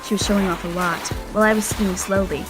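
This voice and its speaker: A woman's voice: mid-range voice, fairly even intonation, quick pace. Woman narrating a storytime over music. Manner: dramatic first-person telling. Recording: music playing behind.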